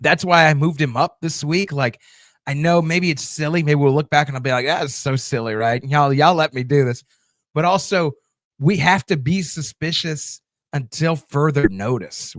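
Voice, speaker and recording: A man's voice: a little high, dry recording, studio quality. A man hosting a TV show review channel, casually answering viewer comments with lots of fillers and restarts. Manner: loose, chatty, many fillers and restarts.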